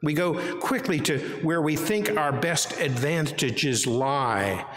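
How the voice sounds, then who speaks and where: A man pastor from the preaching a sermon, measured and earnest, posing rhetorical questions. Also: a little high, fairly bright tone. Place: church sanctuary. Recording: echoey sanctuary with long reverb.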